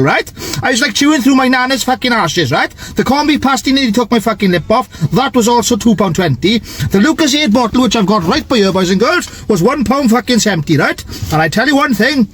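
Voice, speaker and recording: A man's voice: extremely high pitch, breathy edge. A man ranting angrily and swearing constantly, punctuating nearly every line with "right?". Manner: angry, swearing, ends lines with "right?". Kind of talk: vlog rant.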